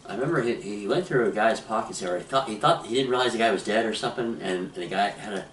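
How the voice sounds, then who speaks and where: Quick, deep-voiced man chiming in. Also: fairly bright tone. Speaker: nephew interviewing his uncle. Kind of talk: casual conversation. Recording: roomy, distant mic, faint background noise.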